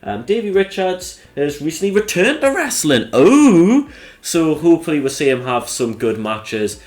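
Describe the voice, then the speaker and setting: A man's voice: fairly high pitch, big pitch swings, a little slow, a little mellow. A young man, a channel host, giving rambling, sarcastic commentary over a wrestling sim game and swearing freely.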